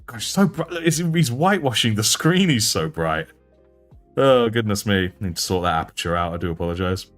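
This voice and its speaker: Deep-voiced British man chatting casually. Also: lively intonation, moderate pace, fairly bright tone, faint music behind. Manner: chatty and self-mocking, with frequent laughs. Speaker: livestream host and miniature painter. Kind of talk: casual livestream chat.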